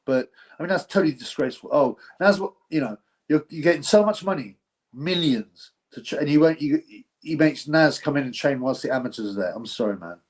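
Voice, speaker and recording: A man's voice: on the high side, lively intonation, brisk. A man hosting a live boxing stream, chatting casually to viewers in a blunt, rambling, slangy way. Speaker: host of a live boxing show.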